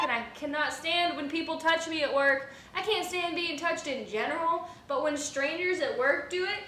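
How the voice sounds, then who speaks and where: A young woman rambles through a workplace story in a casual vlog, animated and profane. Her voice sits a little high and bright, and a roomy echo and a faint hiss hang around it. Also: moderate pace. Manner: rambling, animated storytelling with frequent swearing and fillers. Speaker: restaurant server and vlogger. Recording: echoey room with faint hiss.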